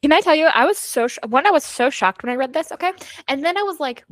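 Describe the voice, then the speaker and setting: A woman co-hosts a casual book chat, reacting with excitement. Her voice is high and swoops widely up and down. It was recorded close and dry, with no echo. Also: quick pace. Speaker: book club podcast co-host.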